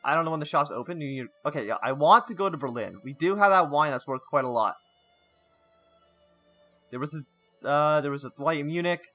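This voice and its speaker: Bright-voiced man reading a game aloud. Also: on the high side, animated, a little fast, long pauses, soft background music. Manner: reads the story text with stumbles, breaking off into casual asides. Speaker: gaming channel host. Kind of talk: let's play, reading game text aloud.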